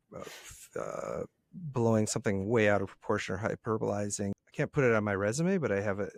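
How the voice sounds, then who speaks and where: A man's voice: on the low side, creaky, no echo, studio quality. A man co-hosting a podcast, prompting his partner with conversational questions. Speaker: journalist, podcast co-host.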